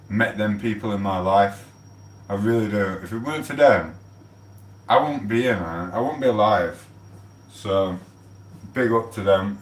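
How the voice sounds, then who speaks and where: A man rambling through a casual livestream, swearing freely and giving loud shout-outs to people. His voice sits fairly low. It sounds echoey and distant, as if he is set back from the mic in a bare room. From England. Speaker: livestream host.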